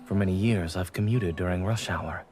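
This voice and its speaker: A man voicing a calm, reserved young male doctor in game dialogue, with dry, measured delivery. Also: low-pitched, natural voice. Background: game music.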